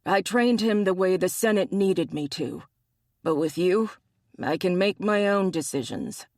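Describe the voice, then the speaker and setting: A man's voice: sits high, expressive, unhurried, no room sound. An audiobook narrator voicing a wry, teasing male bear-shifter hunter with a dry, needling manner, in a dry recording. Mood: insistent.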